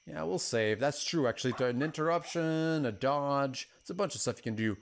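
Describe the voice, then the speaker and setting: A man hosting a let's play, giving casual gameplay commentary in an anxious, pleading and excitable way. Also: medium pitch, normal speed, creaky, few pauses.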